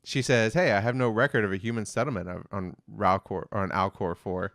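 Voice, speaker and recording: A man's voice: lowish voice, a little fast, no room sound, clean studio sound. A man co-hosting a review podcast, casually retelling an episode's plot in a rambling way with lots of fillers. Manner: rambling, many fillers, quotes characters flatly.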